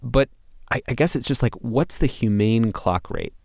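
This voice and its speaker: A man's voice: medium pitch, animated, moderate pace, gravelly, a little mellow, no room sound, clean studio sound. A man hosting a podcast, speaking in long, thoughtful, reflective turns. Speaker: podcast host. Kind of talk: podcast conversation.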